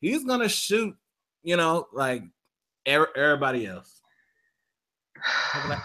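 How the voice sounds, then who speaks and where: A man with a high, bright voice tells a profane story on a live talk show. His pitch swings widely as he acts out each quote, loud and animated throughout. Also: a little slow, pauses often. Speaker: radio show co-host.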